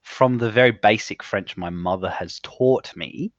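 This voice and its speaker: A man's voice: on the low side, a little slow, no room sound, dull audio. A young man chatting casually and teasingly, with lots of "like" and "um". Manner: chatty, teasing, filler-heavy. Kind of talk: casual chat.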